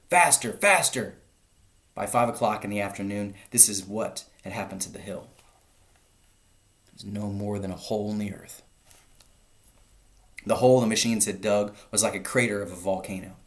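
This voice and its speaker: A man, a teacher, reading a children's story aloud to his class, lifting his voice for the shouted lines. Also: fairly low pitch.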